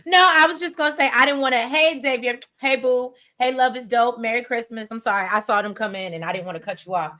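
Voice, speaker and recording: A woman's voice: a little high, fast, few pauses, sharp tone. A woman co-hosting a casual recap chat, frank and agreeable, greeting viewers by name. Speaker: co-host.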